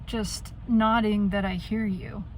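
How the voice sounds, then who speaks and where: A woman's voice: medium pitch, flat delivery, slow pace, a little hiss or hum, rough recording. A woman venting in a personal monologue, blunt and profane, often trailing off and restarting. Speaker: vlogger.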